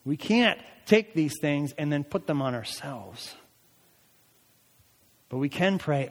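A man's voice: fairly high pitch, expressive, slow pace, pauses often. A male pastor preaching a sermon, rising into emphatic calls during prayer passages. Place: church sanctuary. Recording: long church hall reverb.

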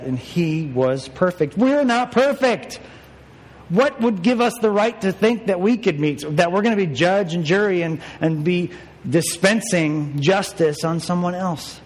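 Young male pastor, casual preaching with rhetorical questions, voice a touch high, long hall reverb. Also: darkish tone. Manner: conversational preaching, rhetorical questions, self-deprecating asides. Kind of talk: sermon.

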